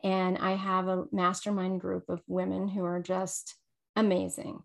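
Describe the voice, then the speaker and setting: A middle-aged woman, a podcast guest, talking casually and telling stories with lively, acted-out quotes. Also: fairly low pitch, measured pace, creaky. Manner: animated storyteller who acts out quoted voices. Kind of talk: casual interview conversation.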